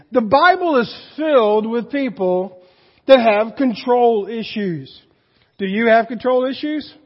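A man's voice: extremely high pitch, big-room sound, lo-fi sound. A male pastor delivering a sermon in a church, speaking conversationally and asking the congregation questions.

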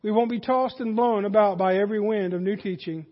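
A man's voice: high voice, fairly even intonation, brisk. A man preaching a sermon in a folksy manner that rises to emphatic peaks, heard in a church sanctuary. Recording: dull, hall reverb.

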